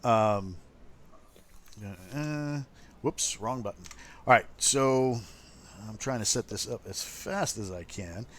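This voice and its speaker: A man's voice: mid-range voice, takes it slowly, pauses often. A man narrating as game master for a tabletop game, talking loosely with many ums and uhs. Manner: relaxed, full of ums and uhs.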